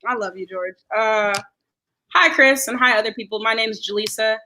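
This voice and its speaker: A young woman in her twenties talking as a guest in a casual podcast chat, emphatic and wry, with quick asides. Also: fairly high pitch, sharp tone.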